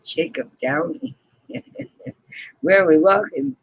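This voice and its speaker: Man, live-stream host, casual chat, playful, slow-spoken, lively pitch. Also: husky, low-quality recording. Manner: chatty, playful, laughs often, greets viewers by name. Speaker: channel host chatting with live viewers.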